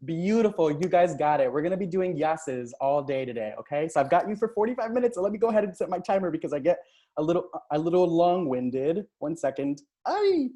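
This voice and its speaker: A man leads a live online coaching session, talking into a computer mic on a video call. He is upbeat and hypes up the chat with cheers and quick shout-outs. His voice is warm and mellow. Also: a little high, big pitch swings. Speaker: transformational coach.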